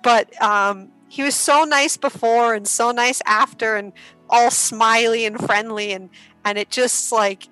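A woman guest on a podcast, chatting casually and animatedly, laughing often and filling her sentences with "like". Her voice is bright and clear, and sits a little high. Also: steady tone, measured pace, no echo, faint music behind, rough recording. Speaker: podcast guest, karuta player.

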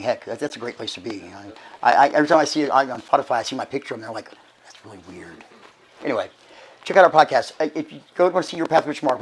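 A middle-aged man gives casual church announcements as archbishop, hoarse and short of breath, chatty and folksy with halting restarts. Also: medium pitch, a little hiss or hum, poor audio. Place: church sanctuary.

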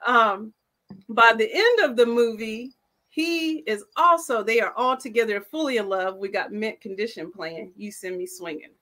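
Bright, high-voiced woman, blunt and laid-back. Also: normal speed. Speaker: podcast panelist. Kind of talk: comedic debate banter.

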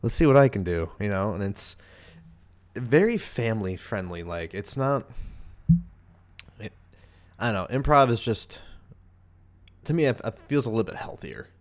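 A young American man hosts a podcast, chatting casually in a loose, rambling way packed with fillers, "like"s and restarts. His voice is on the low side and animated, at a measured pace with long pauses.

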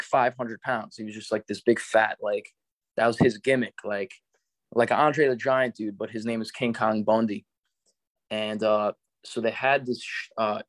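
A man's voice: medium pitch, no echo. Rambling laid-back man in his forties. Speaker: guest. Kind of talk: casual storytelling.

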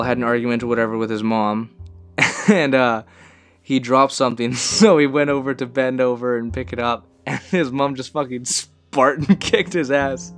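A young man hosting a casual podcast, rambling and swearing as he tells stories with bursts of laughter. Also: medium pitch. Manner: rambling, profane, laughing storyteller. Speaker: podcast host.

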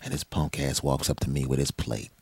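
A man's voice: rumbling low, level tone, brisk, creaky, breathy edge, no echo, studio quality. A man hosting his own podcast, telling a rambling comic story in a profane, sarcastic way. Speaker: podcast host. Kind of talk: comedic solo monologue.

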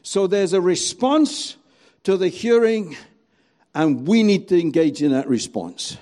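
A man preaching a sermon as a pastor, animated and full of rhetorical questions. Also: high voice, a little slow.

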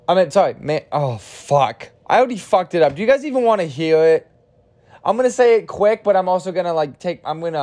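A man's voice: fairly high pitch, darkish tone. A man in his twenties, tired and losing his voice, telling a joke in a rambling, self-deprecating podcast monologue with frequent restarts and casual swearing. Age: 20s. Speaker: podcast host.

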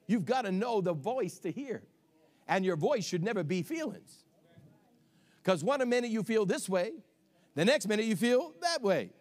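A male pastor preaching a sermon in an emphatic way, swinging between shouts and soft asides. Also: sits high.

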